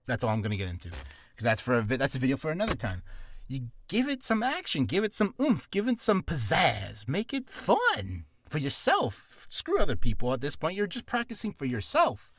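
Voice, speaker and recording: A man's voice: a little high, wildly swooping pitch, moderate pace, fairly bright tone, no echo. A man teaching voice acting in a casual tutorial, rambling with asides and poking fun at himself. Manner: rambling and self-deprecating, full of asides.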